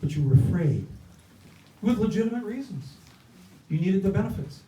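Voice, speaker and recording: Older guy fired up at a rally, fairly high voice, echoey room, mic kinda far off. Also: sing-song, normal speed, dark tone. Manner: impassioned, rousing, repetitive cadences. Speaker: campaign guest speaker. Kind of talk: stump speech. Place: indoor event space.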